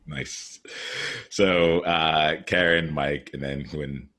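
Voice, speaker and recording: A man hosting a video call, calmly directing who speaks next. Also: extremely low pitch, drawn-out words. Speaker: host.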